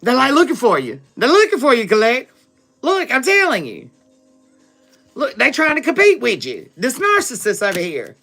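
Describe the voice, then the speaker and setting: A woman does a live-stream tarot reading in a fairly bright voice on the high side, with huge pitch swings, at a moderate pace over soft background music. She addresses viewers as "baby" and "boo", adds "okay?" to lines and laughs often, all in a chatty, familiar manner.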